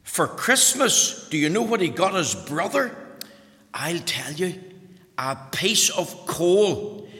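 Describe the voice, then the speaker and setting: Brief: high, bright man storyteller for kids, lively, long hall reverb. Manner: lively, addresses children with questions. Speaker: storyteller for children. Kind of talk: telling a children's story aloud.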